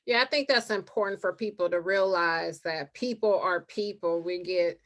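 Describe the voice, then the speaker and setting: A woman hosting a casual interview, a realtor asking measured, thoughtful questions. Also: on the low side, fairly bright tone. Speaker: host, realtor.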